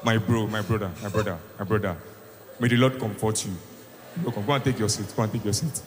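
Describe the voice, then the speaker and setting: A man preaching in short phrases, pausing for an interpreter. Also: on the low side, steady tone. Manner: fatherly, preaching. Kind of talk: sermon with live interpretation. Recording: hall reverb with faint noise.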